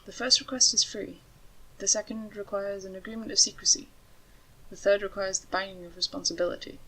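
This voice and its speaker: A woman voicing a calm, wry male talking rattlesnake in a storybook reading, speaking in a matter-of-fact way. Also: mid-range voice, fairly quick, slightly rough, poor audio. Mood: explaining. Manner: matter-of-fact, dryly joking.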